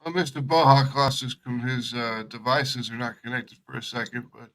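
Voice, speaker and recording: A man running an online tabletop game as game master, explaining in a relaxed, conversational way. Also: medium pitch, moderate pace, a little hiss or hum, rough recording.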